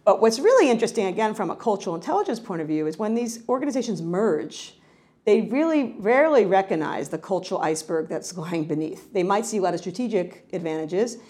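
A middle-aged woman from New York, a researcher answering interview questions in a lively, conversational way, often restarting her sentences. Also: medium pitch, brisk. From New York, United States. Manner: animated, frequent self-corrections and restarts. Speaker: cultural psychology researcher.

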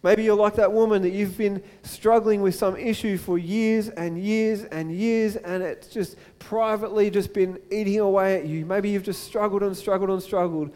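Earnest high-voiced preacher. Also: male voice, fairly even intonation. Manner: earnest, swings between loud urgent build-ups and slow soft appeals. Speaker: pastor. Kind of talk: sermon.

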